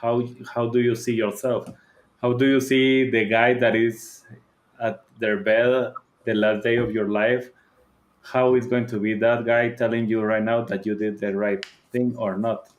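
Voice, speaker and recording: A man's voice: medium pitch, little pitch movement, unhurried. Earnest male host asking probing questions. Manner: earnest, asks probing questions, restarts phrases. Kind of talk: casual interview talk.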